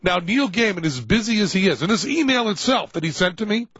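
A man's voice: high voice, expressive, brisk, fairly bright tone, breathy edge, no room sound, muffled recording. A man hosting a radio show in casual banter, rambling and joking with big exaggerations. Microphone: studio microphone.

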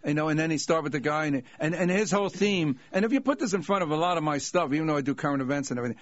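An older man, a comedian guest, telling anecdotes in a lively way and laughing as he goes. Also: fairly high pitch, racing, dry recording. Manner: lively, laughing as he tells stories. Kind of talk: anecdotal storytelling. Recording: dull dry lo-fi sound.

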